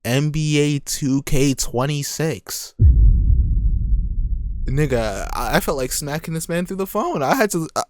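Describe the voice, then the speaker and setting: A man's voice: on the high side, animated, a little slow, no room sound, clean studio sound. Slangy, laughing young man reacting. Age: 20s. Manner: slangy, profane, laughs a lot. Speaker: reaction video host. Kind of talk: casual reaction commentary.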